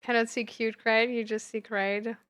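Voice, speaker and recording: A woman's voice: a little high, little pitch movement, normal speed, fairly bright tone. A young woman from Germany with a light German accent, chatting casually with her live-stream audience and laughing often. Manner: giggly, chatty, reacts to chat.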